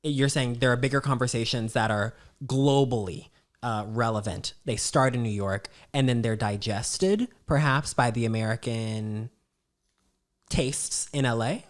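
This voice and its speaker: A podcast host chatting casually, playful and animated, often repeating short phrases. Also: medium pitch, unhurried. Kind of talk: casual chat.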